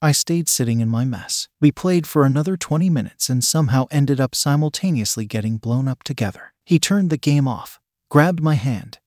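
Male narrator, steady erotic-story reading, medium pitch, dry close sound. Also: dry recording.

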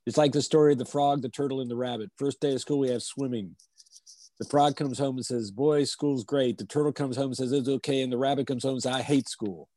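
Calm, measured male coach. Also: mid-range voice, no room sound. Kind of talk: explaining and telling a teaching story on a video call.

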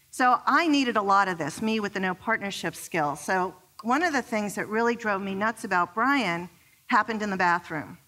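A woman relationship expert giving an animated talk to a live audience, telling personal stories and asking the crowd questions. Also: mid-range voice.

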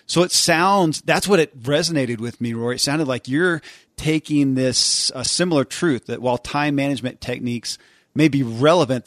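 A man's voice: medium pitch, no room sound, clean studio sound. A man hosting a podcast interview, asking long, enthusiastic, rambling questions with plenty of fillers. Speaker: podcast host. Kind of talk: conversational interview.

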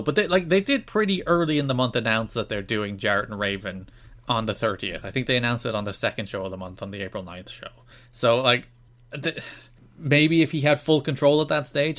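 A man's voice: mid-range voice, a little fast. A man co-hosting a podcast, chatting casually and animatedly, laughing often. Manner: animated, laughing, frequent restarts. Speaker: podcast co-host. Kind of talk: casual chat.

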